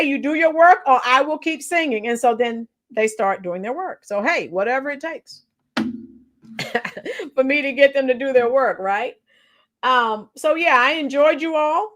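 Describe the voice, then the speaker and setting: She takes her time, speaking in a high, slightly bright voice as she hosts a casual livestream. A schoolteacher in her fifties, she reads the chat, talks with viewers, and sings now and then.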